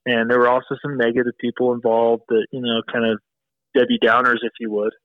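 A man's voice: mid-range voice, completely flat delivery, fairly quick, no echo, narrow, tinny audio. A man talking casually as a podcast guest, rambling and leaning on "you know" as he explains his fly tying. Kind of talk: casual interview chat.

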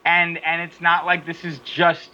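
A man hosting a casual podcast, voicing strong opinions in a rambling, animated flow. His voice is fairly high and very bright. The sound is a bit dull and lo-fi. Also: unhurried. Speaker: podcast host.

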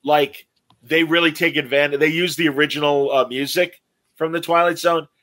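A man with a bright, forceful voice, a bit higher than most, chatting casually with his co-hosts. He talks loosely and reads out comments from listeners. The sound is dry and close. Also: steady tone, normal speed, dry recording. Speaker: podcast co-host. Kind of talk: casual chat about movies and TV.

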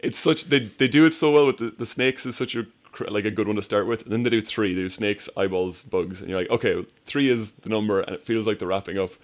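Male co-host, lower-pitched voice, lively storyteller in a casual film chat. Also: fast talker, few pauses. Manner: animated storyteller, acts out film scenes with laughter.

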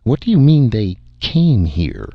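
A man voicing a calm, dryly teasing alien traveler visiting an old friend. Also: lowish voice, measured pace, no echo, muffled recording, pitched above the performer's own voice, exaggerated voice. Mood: wry. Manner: dry, mildly teasing.

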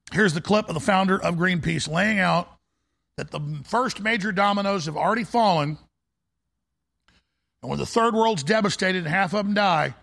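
A male talk show host delivering an intense, forceful ranting monologue. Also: high-pitched, vocal fry.

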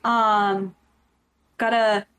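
A woman's voice: mid-range voice, level tone, very slow, fairly bright tone, slight background noise. Upbeat woman dungeon master. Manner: eager, upbeat plugging of her stream. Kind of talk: casual chat.

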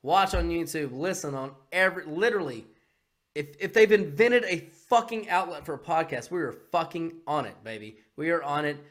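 Loud, crude excitable man. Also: a little high, moderate pace. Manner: crude, excitable, swears a lot. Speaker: podcast co-host. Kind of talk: casual political podcast chat.

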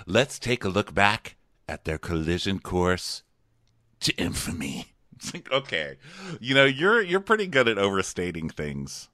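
A man's voice: low-pitched, sing-song, unhurried, bright, forceful tone, no room sound, clean studio sound. A man co-hosting a podcast from his home office, chatting casually and playfully with lots of laughter and jokey impressions. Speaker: podcast co-host. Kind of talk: casual chat.

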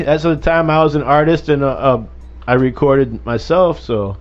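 A man's voice: fairly high pitch, normal speed, highs cut off. A man from St. Louis hosting a casual group podcast, telling stories with jokes and asides. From St. Louis, USA. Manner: joking, storytelling, rambling. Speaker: podcast host.

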